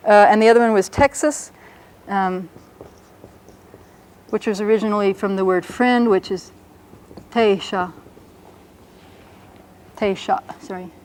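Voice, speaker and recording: A woman lecturing on a language, talking patiently and slowing down to spell out and pronounce each word carefully. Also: medium pitch, fairly even intonation, a little mellow, a little hiss or hum, poor audio. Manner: patient, explanatory, slows down to pronounce words carefully. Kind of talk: educational lecture on a public-access show.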